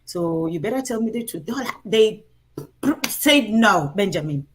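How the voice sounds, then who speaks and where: A woman's voice: medium pitch, moderate pace, husky. A middle-aged woman with a Kenyan accent, telling a parenting story in a conversation and acting out the quotes. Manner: animated, acts out quotes in her story. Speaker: guest sharing a parenting story.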